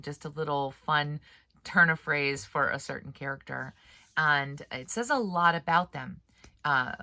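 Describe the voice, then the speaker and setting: Chatty low-voiced woman with a bright edge. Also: dry recording. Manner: rambling and chatty, laughs often. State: stuffy nose from allergies. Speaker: author and writing coach host. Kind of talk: casual advice vlog.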